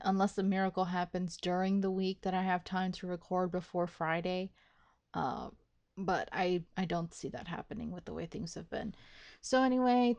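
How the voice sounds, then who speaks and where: A woman's voice: medium pitch, warm tone. A woman streamer casually commenting on a game she is playing, chatty and playful and laughing often, with a sore throat. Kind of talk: casual let's-play commentary.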